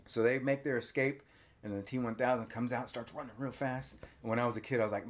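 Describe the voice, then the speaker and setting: A man hosting a casual podcast, animatedly retelling a film scene by scene and briefly acting out characters' lines in quick voices. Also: medium pitch, steady tone. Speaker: podcast host. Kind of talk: casual movie recap chat.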